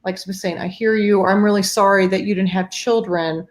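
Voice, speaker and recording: Woman, middle-aged, host, earnest, casual live-stream chat, middle pitch. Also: steady tone, fairly quick. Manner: earnest, speaks directly to viewers.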